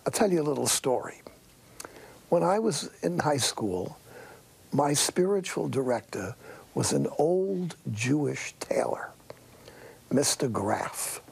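A man's voice: on the high side, lively intonation, slow pace, vocal fry, pauses often, a little mellow, breathy edge. An older man, a monastic priest, giving a wry, anecdotal talk with half-whispered asides. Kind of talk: storytelling talk.

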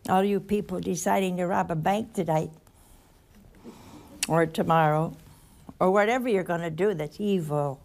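A woman preaching a sermon, telling scripture stories with lively asides and chuckles. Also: lowish voice, gravelly. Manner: animated storytelling with asides and laughter.

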